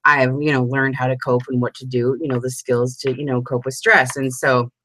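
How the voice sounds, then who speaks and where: A woman in her forties chatting casually with her crafting group at home, talking fast and laughing often. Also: a bass voice, a little hiss or hum. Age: 40s. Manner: chatty and animated, breaks into frequent laughter. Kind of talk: casual chat.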